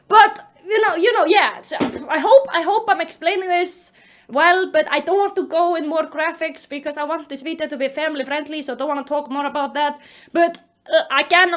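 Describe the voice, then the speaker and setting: Very high-voiced excitable Icelandic woman. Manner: sarcastic, excitable, bursts into loud exclamations. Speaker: book reviewer. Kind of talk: casual comedic book review. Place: home room with pets.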